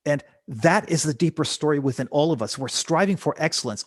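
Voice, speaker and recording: A man's voice: on the high side, lively intonation, a little fast, hardly any pauses, husky, dry recording, studio quality. A man speaking as a podcast guest, telling stories and reflecting with rhetorical questions. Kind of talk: conversational storytelling.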